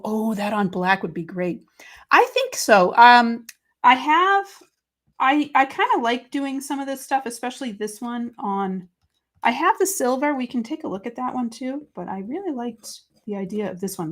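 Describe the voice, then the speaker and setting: A woman hosting a live papercrafting stream, chatting casually with viewers and reading their comments while she works. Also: a little high. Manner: chatty, reads viewer comments aloud, excitable. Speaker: host of a live crafting stream.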